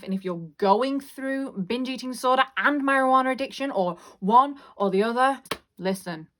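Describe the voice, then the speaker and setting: A woman's voice: a little high, fairly bright tone. Candid young woman vlogging. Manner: frank, earnest and emphatic, repeats phrases for stress. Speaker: YouTube host. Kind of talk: candid personal vlog talk.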